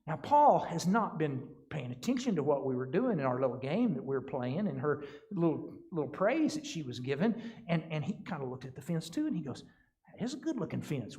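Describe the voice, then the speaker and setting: A man giving a marriage workshop talk, telling folksy stories and acting out the quotes. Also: a little high. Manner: folksy storytelling, lively voice, acts out quotes. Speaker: workshop speaker.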